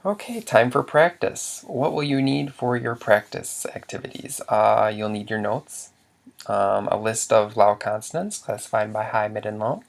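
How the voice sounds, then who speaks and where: A man's voice: fairly low pitch, moderate pace, vocal fry. A man narrating a slide lesson as a language teacher. He asks questions, answers them himself, and often stops to restart a word.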